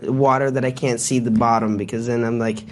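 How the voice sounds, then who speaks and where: A man being interviewed casually, talking in a relaxed, halting way with lots of fillers. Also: medium pitch, slight background noise. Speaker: interview guest.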